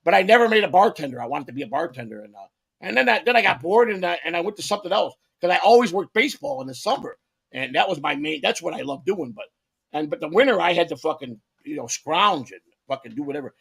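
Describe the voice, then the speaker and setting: A man's voice: fairly high pitch, very animated, quick pace, creaky, fairly bright tone, slightly rough. A man in his fifties, a podcast co-host, telling rambling, profane stories in casual chat with lots of restarts.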